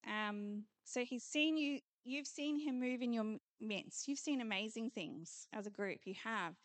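A woman preaching at a church conference with a fairly high voice. She repeats earnest declarations over the listeners. The sound is close and dry. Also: measured pace, no echo. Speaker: conference speaker. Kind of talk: prophetic preaching.

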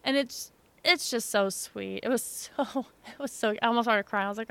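A woman's voice: fairly high pitch, normal speed, gravelly, fairly bright tone, clear, resonant tone. A young woman co-hosting a podcast, telling a story in a chatty, sarcastic way. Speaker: podcast co-host. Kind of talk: casual chat.

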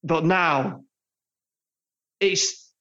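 A man's voice: on the high side, drawn-out words, fairly bright tone. A man co-hosting a football podcast, bantering with a sarcastic edge. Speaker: podcast co-host. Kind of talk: casual football podcast chat. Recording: dull lo-fi sound.

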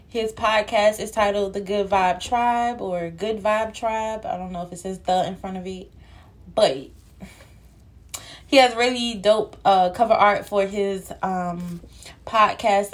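Young woman podcast host, winded and breathy, loose playful chatter, lots of filler ums. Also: mid-range voice. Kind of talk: casual solo podcast chat.

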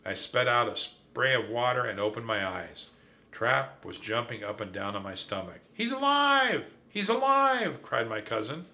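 Lively man reading a storybook aloud. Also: on the low side, normal speed. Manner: expressive, animated storytelling. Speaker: narrator.

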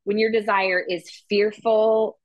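A woman's voice: mid-range voice, level tone, takes it slowly, highs cut off. A woman co-hosting a podcast, telling a story in a casual chat with lots of filler words. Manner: chatty storytelling, heavy use of "like". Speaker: podcast co-host.

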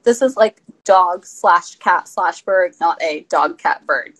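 A woman's voice: fairly low pitch, animated, slow, a bit bright, breathy edge, poor audio. A young woman co-hosting a podcast, teasing her co-host in casual chat. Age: young adult. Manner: teasing, wry.

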